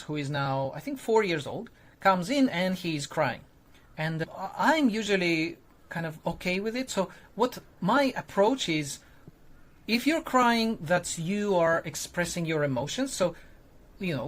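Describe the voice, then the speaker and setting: Conversational male teacher telling a story. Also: high-pitched. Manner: loose and conversational, many fillers, acts out quoted lines. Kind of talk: casual storytelling to camera.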